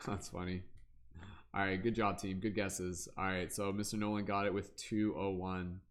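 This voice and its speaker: A man hosting a tarot reading livestream, talking casually and loosely, filling pauses with fillers and hummed "da da da" sounds. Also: low voice, flat delivery.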